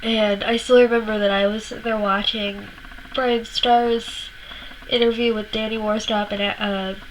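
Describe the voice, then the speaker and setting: A woman's voice: fairly high pitch, level tone, measured pace, a little hiss or hum, low-quality recording. A young woman telling personal stories in a casual vlog, rambling with fillers and restarts, upset and tearful. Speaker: vlogger.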